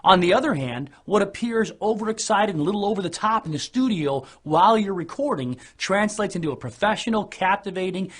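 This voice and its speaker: Husky man giving on-camera coaching. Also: high-pitched. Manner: clear, deliberate, enunciated delivery. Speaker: presenter giving on-camera tips. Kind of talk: scripted instructional talk to camera. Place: recording studio.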